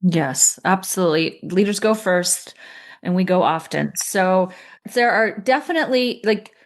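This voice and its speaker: A woman's voice: fairly low pitch, animated, measured pace. A woman hosting an interview podcast, affirming and summarizing her guest's points. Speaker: podcast host, principal coach.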